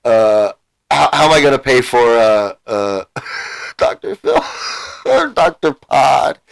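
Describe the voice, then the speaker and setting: A man mimicking an elderly male guru who frets about money, in a halting, mocking delivery. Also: mid-range voice, wildly swooping pitch, creaky, no echo, pitched below the performer's own voice, heavily acted. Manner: mocking, halting, laughing through it.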